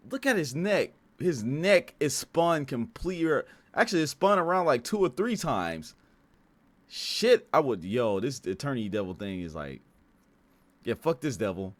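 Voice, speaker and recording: A man hosting an anime reaction video, talking casually and excitably with frequent swearing and laughter. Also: mid-range voice, moderate pace, no echo. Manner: excitable, profane, laughs often.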